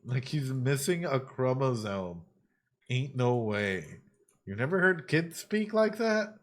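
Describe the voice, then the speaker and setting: A man, a psychologist, giving excitable let's play commentary, exclaiming and musing aloud. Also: mid-range voice, slow. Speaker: psychologist playing a game on stream.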